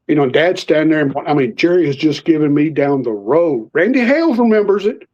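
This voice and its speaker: A man's voice: fairly high pitch, a little fast. A man telling stories in a casual interview, animatedly acting out the voices of people in them. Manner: animated storyteller, acts out quoted voices. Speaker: podcast guest. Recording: slightly muffled lo-fi audio.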